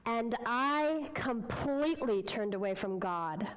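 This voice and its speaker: A woman's voice: on the high side, lively intonation, slow, poor audio. A woman speaker telling a parable in a sermon at a spiritual center, earnest and heartfelt. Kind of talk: sermon storytelling.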